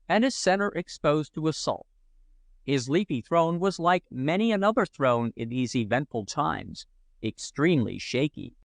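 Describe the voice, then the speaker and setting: A man's voice: medium pitch, no echo. A man reading a humorous children's adventure book aloud in a playful, mock-heroic storytelling manner. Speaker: audiobook narrator. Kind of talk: scripted narration.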